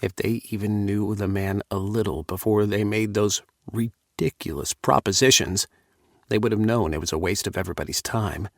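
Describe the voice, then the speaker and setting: A man narrates a first-person audiobook in a low, calm, steady voice. The sound is dry and close, with no room around it, and his pace stays even and measured. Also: no echo.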